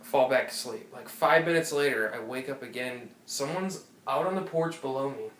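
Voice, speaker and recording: Recorded from a distance on a phone or tablet in an apartment, this podcast co-host rambles through a profane anecdote, restarting often. His medium-pitched voice is a bit bright and moves at a moderate pace, with roomy sound and slight background noise.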